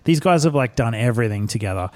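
A man's voice: mid-range voice, lively intonation, fast talker, no echo. A man hosting a podcast, introducing an interview and asking questions in an earnest, admiring way. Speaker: podcast host.

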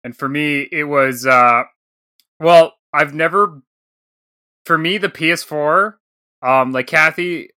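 Bright-voiced man telling a lively story. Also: on the high side, slow pace, pauses often, no room sound, clean studio sound. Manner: animated storyteller, acts out quoted dialogue. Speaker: podcast co-host. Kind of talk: casual chat, storytelling.

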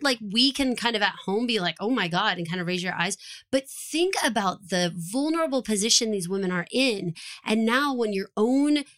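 A woman co-hosting a casual TV recap podcast. She talks in quick bursts and acts out lines from the show. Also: on the high side, fairly bright tone. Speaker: podcast co-host.

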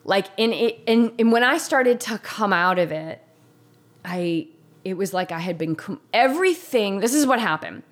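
A woman's voice: mid-range voice, expressive, moderate pace. A woman telling a personal story in a candid, conversational way. She is earnest and emotional, with frequent fillers and restarts.

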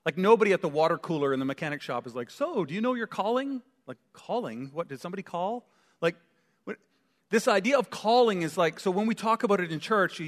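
Brief: male pastor, slightly high voice, preaching conversationally with humorous asides in a reverberant church. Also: fairly bright tone. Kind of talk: sermon. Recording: long church hall reverb.

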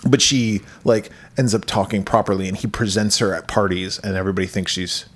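A man's voice: lowish voice, steady tone, fairly quick. A man co-hosting a film podcast, chatting casually and joking, laughing often. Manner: joking, laughs often, slips into mock accents. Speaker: podcast co-host. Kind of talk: casual comedic chat.

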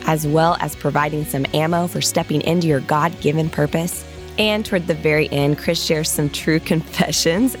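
Upbeat woman podcast host with an Oklahoma accent, low voice, bubbly delivery. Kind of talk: scripted intro and casual chat.

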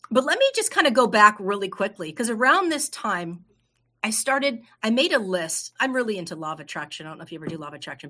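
A middle-aged woman with a bright, clear voice tells the story of her business in a relaxed interview. She talks in a lively way and acts out what other people said to her. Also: medium pitch. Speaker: entrepreneur guest.

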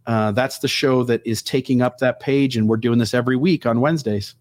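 A man's voice: medium pitch, a little fast. A man hosting a live show, easygoing and chatty as he talks with his co-host. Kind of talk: casual live show banter.

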